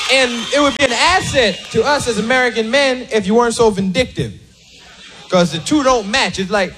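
A male stand-up comedian riffing with shouted outbursts. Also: high voice, slightly rough. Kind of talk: stand-up routine.

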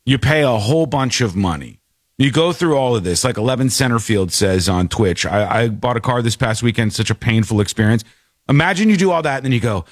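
A man's voice: mid-range voice, lively intonation, brisk, dry recording, clean studio sound. A man hosting a casual tech chat show, joking and slipping into silly character voices. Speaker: show host.

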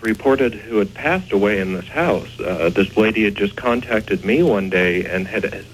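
Male guest, low voice, hesitant explainer, faint background noise. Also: normal speed, low-quality recording. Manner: hesitant, filler-heavy. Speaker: guest, ghost investigator. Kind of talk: interview answers.

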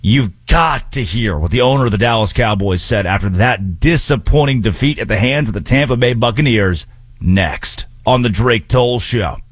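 A man's voice: medium pitch, slightly rough, dry recording. A man hosting a sports talk radio show, giving betting picks and college football takes with a wry, sarcastic edge. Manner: wry, sarcastic, brisk delivery.

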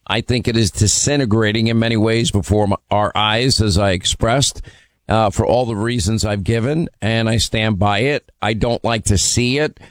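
A man's voice: lowish voice, normal speed, no room sound. A man hosting a call-in radio talk show. He speaks emphatically with strong opinions and many "uh" fillers. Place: radio studio.

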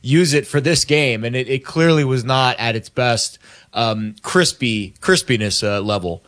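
Man, mid pitch, rambling, halting, casual sports chat. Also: a bit bright. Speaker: sports show co-host.

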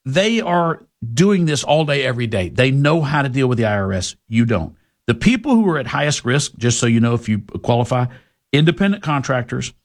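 A man hosting a radio talk show, delivering an opinionated monologue with sarcastic asides that swing between loud and soft. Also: medium pitch.

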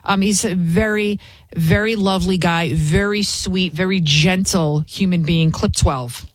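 A woman's voice: fairly low pitch, measured pace, no echo. A woman, hosting an opinionated commentary show in an indignant, repetitive rant.

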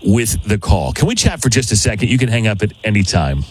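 A man hosting a morning radio show, calling someone on air and pressing him with quick, animated questions. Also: fairly low pitch, breathy edge, rough recording. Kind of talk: morning radio call segment.

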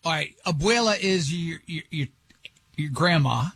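A male radio host chatting casually, teasing his guest and tripping over his own sentences. His voice sits high and a bit husky. The studio sound is dry and close. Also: lively intonation, measured pace, fairly bright tone, no echo. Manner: rambling, self-interrupting, teasing.

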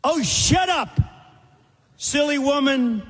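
Sly snake in a poem, read by a man, slow and high-pitched, hall echo. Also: lively intonation, fairly bright tone, full character voice. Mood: mocking. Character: vicious sly male snake begging to be taken in.

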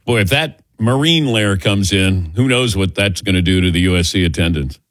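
This sports talk host has a deep voice and a moderate pace, captured in a dry recording. He tells his stories animatedly, slipping in wry asides.

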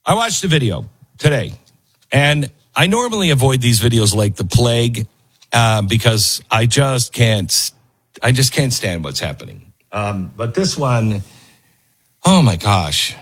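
A man's voice: mid-range voice, very animated, a little slow, husky. A middle-aged man hosting a talk show, delivering an opinionated monologue in an emphatic, rambling way with fillers and restarts.

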